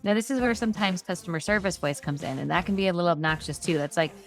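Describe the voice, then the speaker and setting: A woman's voice: on the low side, quick pace, soft background music. A woman hosting a podcast, teaching customer service in a conversational monologue and demonstrating tone with everyday examples.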